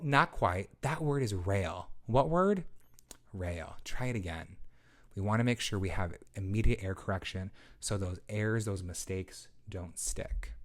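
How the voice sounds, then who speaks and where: A man who researches literacy, presenting a webinar for parents and explaining teaching routines step by step, with teacher-style prompts. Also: on the low side.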